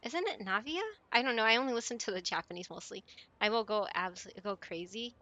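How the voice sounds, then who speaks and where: A woman's voice: medium pitch, quick pace, bright, forceful tone, no echo, muffled recording. A woman from the United States streaming live, chatting casually and reading viewer messages aloud, laughing often and stumbling over names. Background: faint music.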